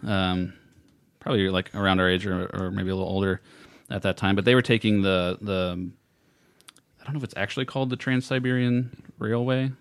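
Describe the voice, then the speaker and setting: Low-voiced American man telling a story. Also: a little fast, smooth, no room sound. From United States. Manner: rambling, laughing, trails off quietly. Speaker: podcast co-host. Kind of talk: casual storytelling chat.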